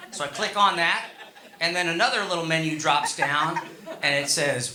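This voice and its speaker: Middle-aged man, stand-up comedian, rambling and teasing the crowd, high voice, echoey room. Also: normal speed. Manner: rambling and conversational, teasing the audience. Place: comedy stage.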